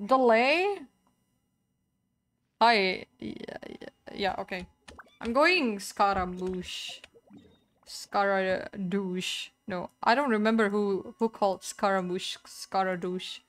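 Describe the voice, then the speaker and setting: A young woman streaming a video game, chatting casually with her viewers, playful and giggling at her own wordplay. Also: mid-range voice. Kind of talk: casual live-stream chat while gaming.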